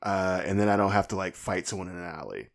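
Hoarse man ranting on his podcast. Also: low-pitched, expressive, quick pace. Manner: rambling, profane, comic exasperation; mumbles. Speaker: podcast host. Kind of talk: casual solo podcast rant.

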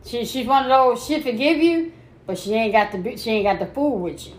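A woman in a casual chat, talking in halting starts with many fillers. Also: fairly high pitch, animated. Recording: echoey room, faint background noise.

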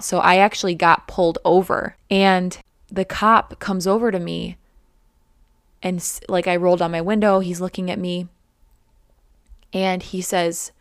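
A woman's voice: lowish voice, vocal fry, smooth, dry recording, clean studio sound. Chatty young woman telling a story. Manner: chatty, many "like" fillers, animated retelling. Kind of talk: casual personal storytime.

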